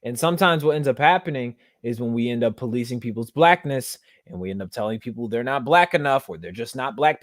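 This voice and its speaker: A man hosting a solo podcast, talking earnestly and casually, often filling pauses with "you know what I'm saying.". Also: fairly high pitch, dry recording, studio quality. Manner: earnest, conversational, full of fillers. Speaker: podcast host.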